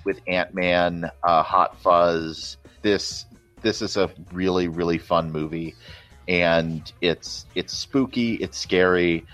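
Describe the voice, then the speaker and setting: Deep-voiced man in casual movie chat. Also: fairly bright tone. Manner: enthusiastic, rambling with restarts. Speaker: co-host.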